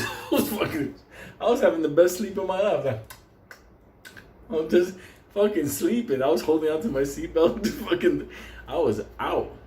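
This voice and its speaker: Animated, profane male storyteller. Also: mid-range voice, echoey room. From New York. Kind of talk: casual storytelling.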